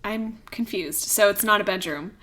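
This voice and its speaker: Bright-voiced, sassy young woman. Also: medium pitch. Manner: quick reactions, blunt and sassy. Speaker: podcast co-host. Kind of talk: casual chat.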